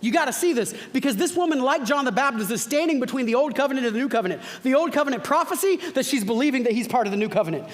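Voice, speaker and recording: Male pastor, high voice, casual teaching sermon in a church, stumbles and repeats, rises to fervent peaks. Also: expressive, rapid-fire, hardly any pauses. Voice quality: frequent repeated words and restarts. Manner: conversational teaching, bursts of fervent emphasis.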